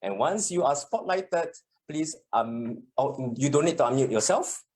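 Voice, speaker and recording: A public speaking trainer teaching a workshop in a meeting room that is also streamed to a video call, animated and acting out example sentences. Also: mid-range voice, unhurried.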